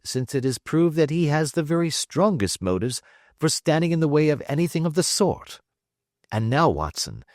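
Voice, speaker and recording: A man voicing a calm, witty detective who answers threats with bland, quiet irony. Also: mid-range voice, dry recording, clean studio sound, close to an everyday voice. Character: calm, witty male detective, cool and imperturbable.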